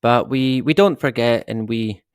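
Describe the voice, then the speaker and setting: Here a middle-aged man runs a laid-back live stream, wandering from point to point, cursing and chuckling now and then. His mid-range voice has a clean tone and an unhurried delivery, recorded dry in a clean studio.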